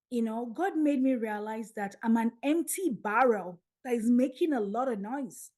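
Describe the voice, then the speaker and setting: A woman's voice: fairly high pitch, moderate pace, few pauses. A middle-aged woman, a podcast guest telling a personal story and acting out the dialogue in it. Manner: animated, acts out dialogue. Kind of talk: storytelling in an interview.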